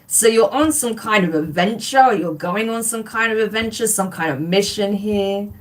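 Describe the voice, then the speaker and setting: A woman's voice: mid-range voice, moderate pace. A woman reading tarot on a live stream, gushing and enthusiastic as she talks straight to her viewers. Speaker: tarot reader.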